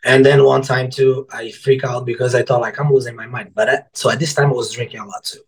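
Captured on a rough recording, this man has a medium pitch and talks quickly. Interviewed on a podcast about his author's life, he spins casual, rambling stories full of restarts and swearing, animatedly voicing what coworkers and customers said.

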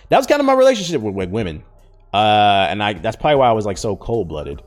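A man's voice: on the low side, sing-song, fast, soft background music. A man around thirty talking in slangy casual chat as a podcast host, rambling with lots of fillers. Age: 30s.

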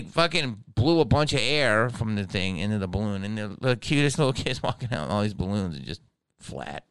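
A man hosting a comedy podcast, delivering a profane, animated solo monologue and slipping into impressions. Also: fairly low pitch, fairly quick, smooth, no echo. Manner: slips in impressions.

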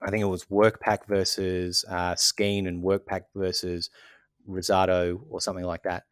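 Man, very low voice, dry close sound, steady step-by-step explaining, casual podcast. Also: moderate pace, clear, resonant tone, dry recording. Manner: explains step by step, with frequent "so essentially" and "um" fillers. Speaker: podcast co-host.

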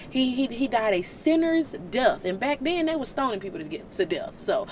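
A woman giving casual Bible teaching in an animated, slangy, joking way. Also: fairly high pitch, slight background noise. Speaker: Christian vlogger teaching the Bible.

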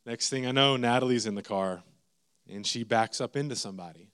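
A man, preaching a sermon as a lively, self-mocking story with asides to the congregation. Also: medium pitch, brisk, clean tone.

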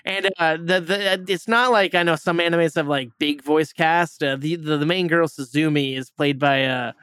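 Rambling, swearing man with a higher voice. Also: moderate pace, a bit bright, clean tone, no echo. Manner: rambling, profane, many fillers and restarts. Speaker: movie review podcast host. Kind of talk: casual movie review chat.

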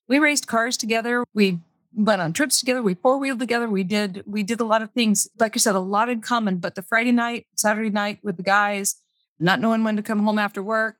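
A woman's voice: mid-range voice, no echo, studio quality. A woman guest on a podcast, candidly telling her own story in plain words and repeating phrases for emphasis. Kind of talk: personal storytelling interview.

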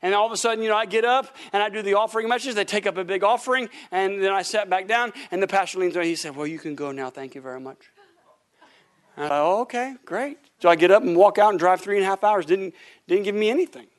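A middle-aged man, a pastor, telling animated stories from the pulpit during a sermon, breaking into laughter and shouts at the punchlines. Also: sits high, racing. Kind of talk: sermon storytelling. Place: church sanctuary.

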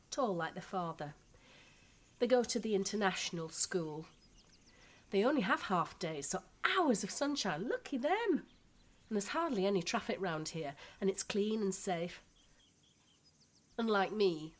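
An actress in her thirties with a Yorkshire accent, playing a frank, gossipy expat housewife and mother in a radio drama. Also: mid-range voice. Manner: blunt, gossipy, down-to-earth.

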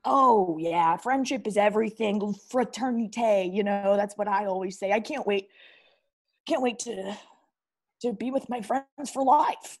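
A woman's voice: medium pitch, a little slow, darkish tone. A woman playing a brash, slangy teenage boy who breakdances and pranks, in an improv comedy interview. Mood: boastful. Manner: slangy, boastful, calls people bro.

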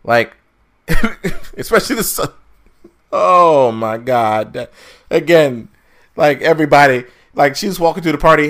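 A man's voice: on the high side, animated, measured pace, fairly bright tone. A man co-hosting a podcast, ranting in casual chat with a lot of swearing and mocking asides. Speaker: podcast co-host reviewing a film.

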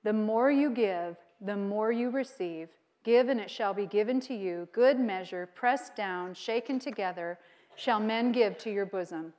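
A middle-aged woman pastor preaching a sermon, telling a personal story with lively acted-out quotes and frequent laughter. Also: mid-range voice, a little slow.

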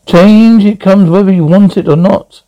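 A man's voice: high voice, moderate pace, warm tone, close to an everyday voice, poor audio. A man voicing a grand, world-weary female statue with a put-on French accent. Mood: dramatic.

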